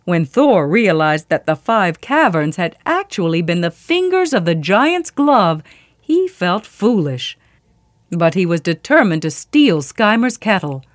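A woman reading a myth aloud as a storyteller, expressive and vivid. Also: lowish voice, measured pace, no echo, studio quality.

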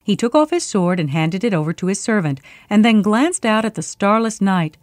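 A woman narrating a storybook in a clear, steady reading voice. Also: medium pitch, normal speed, dry recording, studio quality.

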